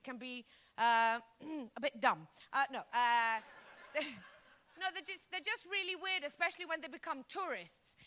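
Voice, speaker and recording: List: woman, Greek accent, stand-up comedy, bright sharp voice, punchy delivery. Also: high voice. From Greece. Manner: lively, punchy, acts out bits. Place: comedy stage before a live audience.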